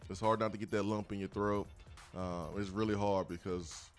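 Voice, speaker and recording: Man, sports radio host, low voice, earnest, repeats words, faint music behind. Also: level tone, moderate pace. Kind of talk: morning sports talk radio.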